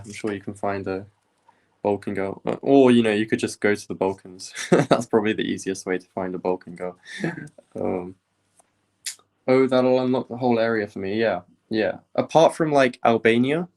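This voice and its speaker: A young man from the UK chatting casually on a study live stream, rambling with many pauses and fillers. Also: lowish voice. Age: young adult. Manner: relaxed, rambling, many ums.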